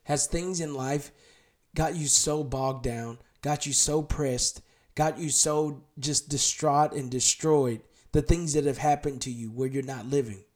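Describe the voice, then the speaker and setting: A man's voice: medium pitch, steady tone, unhurried. Impassioned man preaching a podcast sermon. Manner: rising and dropping to a hushed, tender voice; asks the listener many direct questions.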